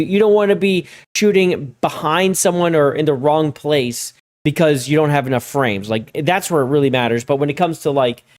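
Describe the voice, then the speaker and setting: A man's voice: a little high, darkish tone. A man hosting a gaming news stream, talking loosely and conversationally with lots of filler words and asides to his chat. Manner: talks to chat viewers directly. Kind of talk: casual live-stream commentary.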